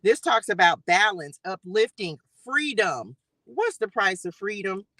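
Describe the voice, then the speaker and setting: A man's voice: sits high, big pitch swings, a little slow, sharp tone, dry recording, rough recording. A man giving a live spiritual tarot reading, chatty and preachy, often calling viewers y'all and baby. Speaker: tarot reader.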